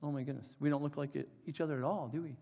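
A man in his forties preaching a sermon, telling an emotional personal story and dropping to soft, quiet tones for emphasis. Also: a little high, fairly even intonation, very fast, creaky. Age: 40s. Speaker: pastor. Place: church hall. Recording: reverberant church hall.

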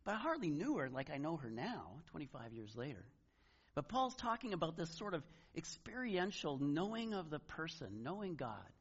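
Give me a middle-aged man delivering a sermon in a relaxed, conversational way, slipping into animated little voices for the people in his stories. His voice sits a bit high for a man. The recording is dull and lo-fi, with the top end muffled. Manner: conversational, animated retelling with acted asides. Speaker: pastor.

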